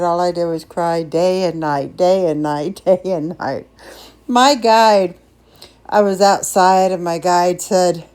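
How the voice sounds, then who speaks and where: A low, mellow older woman tells a story from her own life in a loose, chatty way. She is emotive and restarts her sentences often. Her voice sits on the lower side, warm rather than bright. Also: steady tone, slow pace, smooth. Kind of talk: casual personal storytelling.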